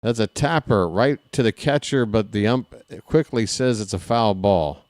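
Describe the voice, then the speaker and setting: A man doing casual live play-by-play of a ballgame, chatting straight to his viewers between pitches with candid, self-deprecating asides. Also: moderate pace, darkish tone, no echo. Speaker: play-by-play commentator.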